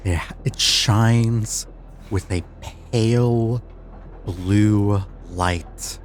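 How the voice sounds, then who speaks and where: A man narrates as game master of an online tabletop game, at an unhurried pace with a somewhat low voice. He trails off and repeats himself while he pins down a description. A faint hiss sits under his voice. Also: fairly even intonation. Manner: halting, restarts while describing, self-deprecating.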